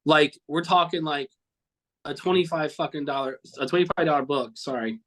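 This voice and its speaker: A man's voice: fairly high pitch, normal speed, a bit bright, low-quality recording. A man recounting memories of a friend in a casual, heartfelt interview, rambling and swearing now and then. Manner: earnest, repeats himself often. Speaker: cartoonist guest.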